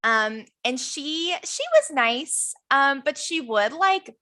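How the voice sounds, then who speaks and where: A woman's voice: high voice, expressive, slow, pushed and bright. A young woman co-hosting a podcast, telling a story in casual chat and acting out what people said. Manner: bubbly storyteller, acts out quotes. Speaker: podcast co-host.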